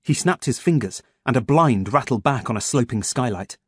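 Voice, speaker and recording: A man narrating an audiobook in a steady, measured storytelling manner. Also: medium pitch, slightly rough, dry recording, clean studio sound.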